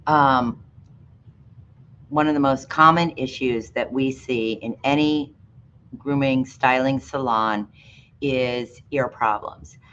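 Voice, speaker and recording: A woman's voice: takes it slowly, long pauses, fairly bright tone. A woman dog groomer giving a chatty, rambling live-streamed talk on pet care, with many fillers. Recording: muffled live stream with faint rumble.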